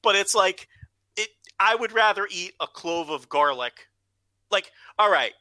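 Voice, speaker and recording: A man co-hosting a podcast, telling a story with plenty of swearing in a casual, animated way. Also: high voice, unhurried, dry recording, low-quality recording. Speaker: podcast co-host.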